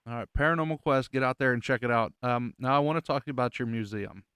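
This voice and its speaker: Male podcast host, smooth clear voice, easygoing, dry close sound. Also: medium pitch, a bit bright, no echo. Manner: easygoing, quick to laugh along. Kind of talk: casual interview chat. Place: outdoors outside his house.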